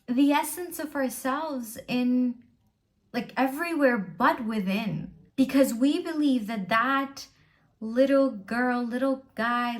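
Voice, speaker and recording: A woman vlogger talking to camera at home in an earnest, emphatic motivational style, building her points through repeated lists. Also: fairly high pitch. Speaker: self-help vlogger.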